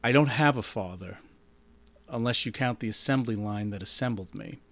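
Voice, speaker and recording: A man voicing a disingenuous household robot in a deliberately fake 1960s sci-fi computer voice, inside a story he reads aloud. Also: fairly low pitch, dry recording, natural voice. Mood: evasive.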